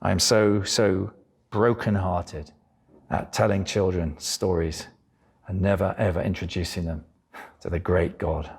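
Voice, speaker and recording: A middle-aged man preaching a sermon, animated and acting out voices of the people in his story. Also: sits low, moderate pace, creaky, husky. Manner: animated preaching, acts out voices of biblical figures.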